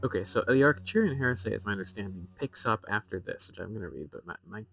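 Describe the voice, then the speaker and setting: A man streaming a game, rambling through its lore, reading passages aloud and thinking out loud with fillers and self-corrections. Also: lowish voice, animated, fast, gravelly, soft background music, low-quality recording.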